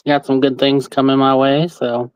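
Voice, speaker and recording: A man co-hosting a betting podcast with a calm, laid-back way of talking. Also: mid-range voice, normal speed, clean tone, no echo, poor audio. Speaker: podcast co-host. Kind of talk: casual podcast chat.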